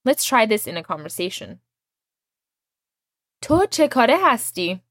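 A woman's voice: a little high, big pitch swings, brisk, a bit bright, no room sound, studio quality. A woman teaching a language lesson, patiently explaining words and drilling phrases with her student.

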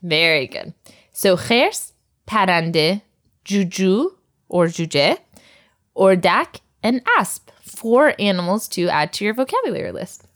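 A woman's voice: medium pitch, lively intonation, slow pace, fairly bright tone. A woman teaching vocabulary to a learner, patient and encouraging, often laughing. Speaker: language teacher.

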